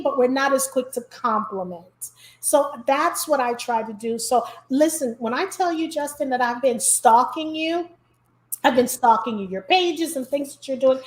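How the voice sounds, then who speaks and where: High-voiced New York woman, emphatic. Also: roomy sound. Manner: emphatic, animated storyteller. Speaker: host. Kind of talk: casual conversational interview.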